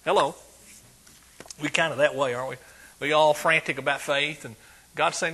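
A man preaching a sermon, folksy and animated, dropping soft and then rising loud. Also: on the high side, moderate pace.

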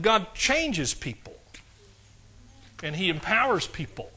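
A man's voice: fairly high pitch, expressive, a little fast, sharp tone. A pastor from East Texas, telling his conversion story in a sermon, folksy and building to fervent exclamations. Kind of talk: sermon testimony. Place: church service.

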